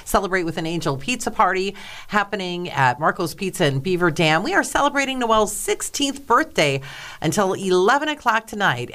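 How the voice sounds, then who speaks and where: A woman hosting a chatty local radio show from a studio. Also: on the low side. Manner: bubbly, excitable, chatty. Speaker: radio host. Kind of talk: casual local radio chat.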